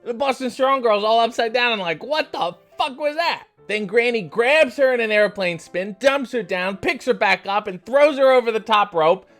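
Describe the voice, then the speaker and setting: A man hosting a comedic recap, talking in a deadpan, profane, jokey way. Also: extremely high pitch, normal speed, few pauses, soft background music. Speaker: comedy wrestling recap host.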